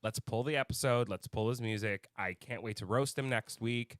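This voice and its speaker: A man's voice: medium pitch, normal speed, fairly bright tone, no echo. A man co-hosting a casual podcast, his mid-range voice recorded dry and close. He talks with heated anger, swearing often. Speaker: podcast co-host. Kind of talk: casual chat.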